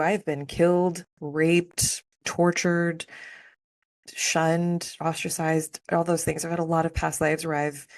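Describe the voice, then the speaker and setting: A young woman talks openly on her spiritual podcast, her low voice recorded close and dry. She speaks candidly and emotionally, with lots of casual fillers as she opens up to her listeners. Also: darkish tone, no room sound. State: near tears at times. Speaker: podcast host. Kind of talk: personal spiritual podcast monologue.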